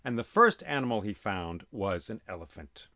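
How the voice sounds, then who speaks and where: A man telling an old myth aloud as host, dramatic and animated, voicing sound effects as he goes. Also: fairly low pitch, normal speed, no room sound, clean studio sound. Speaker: storyteller and podcast host. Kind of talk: oral storytelling of myth.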